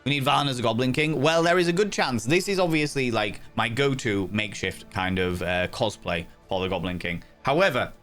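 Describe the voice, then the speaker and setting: A man's voice: medium pitch, lively intonation, brisk, few pauses, fairly bright tone, faint music behind. A man chatting on a live stream, rambling and greeting each viewer with playful endearments. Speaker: streamer and game master.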